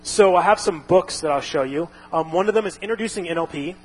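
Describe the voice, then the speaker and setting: A man's voice: sits high, fast talker, a little hiss or hum, low-quality recording. Rambling man explaining casually. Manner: rambling, frequent restarts and fillers. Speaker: instructor.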